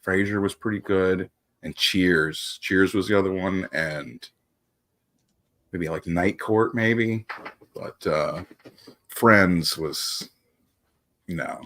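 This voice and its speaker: Very deep-voiced easygoing man. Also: slow pace, pauses often, a bit bright. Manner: easygoing, agreeable, drops in short replies. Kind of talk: casual chat.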